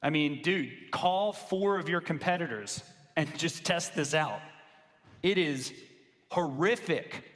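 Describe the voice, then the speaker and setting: Fired-up guy giving a sales talk, bit higher voice, big hall echo. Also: takes it slowly. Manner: energetic, casual, slangy. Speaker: business coach presenting to law firm owners. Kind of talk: live sales presentation. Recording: long reverb of a large hall.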